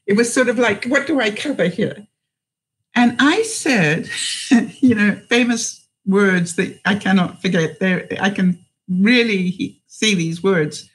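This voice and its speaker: Slow, hesitant woman telling a personal story. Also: medium pitch, rough recording. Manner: slow, hesitant, with many fillers and restarts. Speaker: vlogger.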